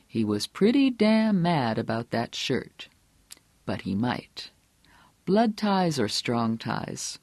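Man reading a drawling, threatening small-town political bully, low and slow, dry close sound. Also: darkish tone, dry recording, full character voice. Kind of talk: audiobook character voice.

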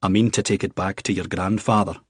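A stern Scotsman lays out his threat slowly and low, voiced by a male reader. His voice is husky and deep, his Scottish lilt thick, every word measured and blunt in this storybook scene. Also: fairly even intonation, dry recording, studio quality.

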